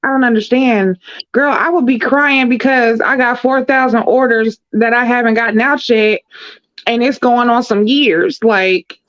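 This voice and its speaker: A woman co-hosting a casual recap chat, sassy and animated, calling everyone girl. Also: a little high, unhurried, muffled recording. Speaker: podcast co-host.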